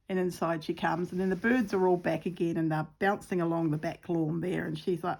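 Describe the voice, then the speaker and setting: A middle-aged woman chatting casually in a vlog, rambling and animated, acting out her pets and the birds. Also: fairly low pitch, fairly quick, vocal fry. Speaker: crafting vlogger.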